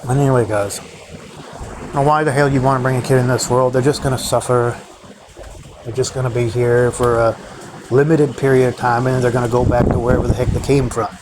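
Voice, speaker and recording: A man rambles bitterly to his viewers, swearing often and repeating himself. His voice sits at an ordinary middle pitch. A clear hum of background noise runs under him. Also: fairly even intonation, a little fast. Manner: profane, bitter ranting, repetitive. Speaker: vlogger. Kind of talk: rambling solo monologue.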